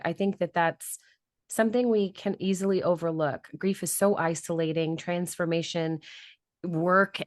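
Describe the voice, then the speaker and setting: A woman's voice: sits low, no room sound, studio quality. A woman hosting a podcast interview, reflecting thoughtfully in long flowing sentences. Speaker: podcast host. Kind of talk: casual interview chat.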